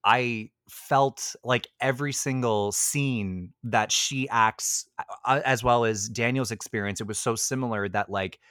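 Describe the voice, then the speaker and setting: A man co-hosting a podcast in casual chat, animated and swearing freely as he acts out quotes. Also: mid-range voice, a little slow, no room sound, studio quality. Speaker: podcast co-host. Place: Toronto.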